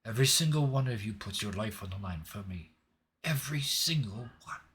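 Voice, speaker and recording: A man's voice: fairly low pitch, lively intonation, fast, slight background noise, natural voice. A man doing a weary, solemn time-traveling Doctor.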